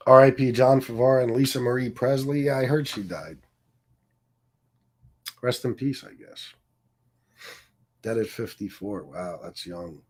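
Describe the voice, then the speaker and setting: This live stream host speaks at a measured pace in a medium pitch, pausing often. His rant is angry and full of profanity, peppered with mocking remarks and many filler words.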